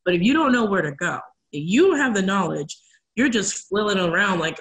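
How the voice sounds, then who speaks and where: A woman's voice: medium pitch, expressive, fairly quick, poor audio. Earnest woman guest telling stories. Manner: earnest storyteller, acts out quoted voices. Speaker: guest, community advocate. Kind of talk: casual interview chat.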